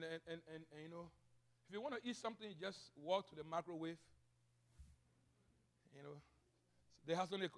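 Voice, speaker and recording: A man from Liberia, preaching a sermon as a pastor. He swings between loud proclaiming and quiet asides and repeats key phrases. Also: a little high.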